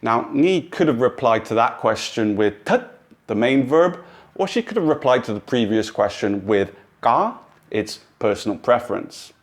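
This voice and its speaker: A man narrating a language lesson in a clear, measured, instructive way. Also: mid-range voice. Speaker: language teacher. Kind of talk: scripted explanatory narration.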